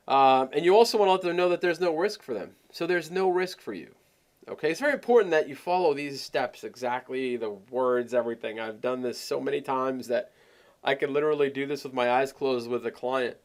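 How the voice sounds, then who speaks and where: A man presenting a sales training webinar, talking in an animated, emphatic coaching way. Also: mid-range voice.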